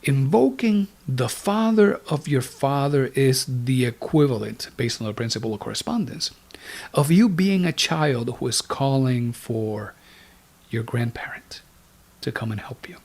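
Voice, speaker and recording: A man with a gravelly, creaky voice gives a spiritual lecture on meditation. He speaks slowly and deliberately at an ordinary pitch, guiding like an instructor and letting some words sink to a whisper. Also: lively intonation, a little mellow. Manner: slow, deliberate teaching with words dropped to a whisper.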